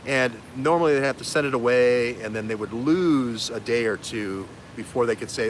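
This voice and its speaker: A man hosting a livestream as an investigative journalist, talking in an animated, digressive way that jumps between threads. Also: medium pitch, moderate pace, hardly any pauses, a little hiss or hum. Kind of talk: livestream talk.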